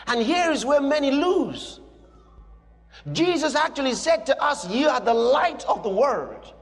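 A man preaching a sermon with emphatic, repetitive declarations that rise to shouting. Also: extremely high pitch, lively intonation, a little slow. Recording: long hall reverb with faint music.

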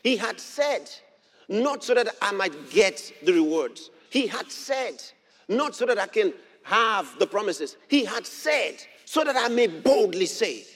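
A man preaching a sermon as pastor, emphatic and repetitive, building up to shouted lines. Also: high voice, very animated, a little slow. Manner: emphatic, repeats phrases, rises to shouts. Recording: long hall reverb.

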